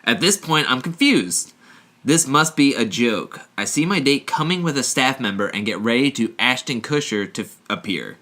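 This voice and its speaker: Bright-voiced joking male co-host. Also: medium pitch, lively intonation, normal speed. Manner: joking, rambling, laughs often. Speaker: podcast co-host. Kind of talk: casual chat, reading stories aloud.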